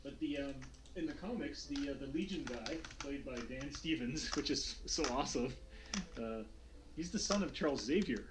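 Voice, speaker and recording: A man's voice: medium pitch, lively intonation, moderate pace. A man hosting a streamed tabletop game, chatting loosely with many fillers and restarts before the recap. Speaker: game master. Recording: noisy online call with keyboard clicks.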